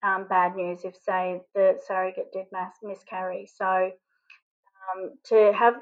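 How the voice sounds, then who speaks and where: A woman from Australia telling a personal story in an interview, halting and often choked up with emotion. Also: mid-range voice, level tone, phone-quality sound. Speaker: interview guest.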